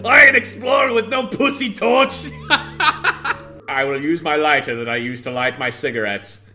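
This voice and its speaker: A man voicing a crude, hard-drinking male Scottish soldier with a put-on Scottish accent, loud and brash. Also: on the high side, measured pace, soft background music, pitched below the performer's own voice, exaggerated voice. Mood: rowdy. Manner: brash, shouting, crude jokes.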